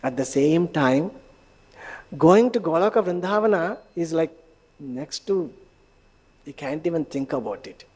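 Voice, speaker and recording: A man gives an animated scripture lecture in a temple hall. His voice sits high for a man and rings with a long hall reverb. He chuckles often between points. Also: unhurried, long pauses. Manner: animated, chuckling often, quoting devotional songs.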